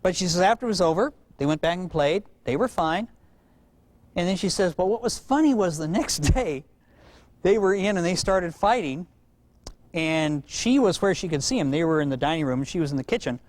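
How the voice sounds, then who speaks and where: A man giving a storytelling lecture on parenting to a live audience, animated and laughing at his own stories. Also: high voice, normal speed. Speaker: parenting educator.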